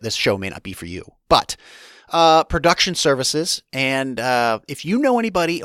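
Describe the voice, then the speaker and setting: A man's voice: mid-range voice, a bit bright, dry recording, clean studio sound. A man hosting his own podcast alone, talking casually and candidly with many restarts and asides. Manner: rambling, restarts often, candid. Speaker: podcast host. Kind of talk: solo podcast monologue.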